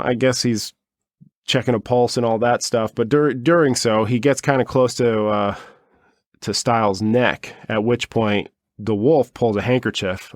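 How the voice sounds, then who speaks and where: A man's voice: lowish voice, creaky, dry recording, clean studio sound. A man co-hosting a podcast, telling a story in a rambling, wry way with lots of fillers and asides. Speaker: podcast co-host. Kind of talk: casual storytelling chat.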